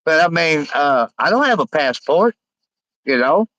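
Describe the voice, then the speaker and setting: Guy rambling on his livestream, kinda high voice, lots of uhs, dry close sound. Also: very animated, a bit bright, no room sound, rough recording. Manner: rambling, halting, many uh fillers. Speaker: live stream host. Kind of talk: casual live stream chat, reading comments aloud.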